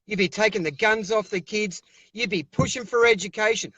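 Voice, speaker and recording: A man's voice: high-pitched, fairly quick, a bit bright, no echo. An Australian man speaking over a video call as an interview guest, giving fiery, emphatic political talk and repeating himself when worked up.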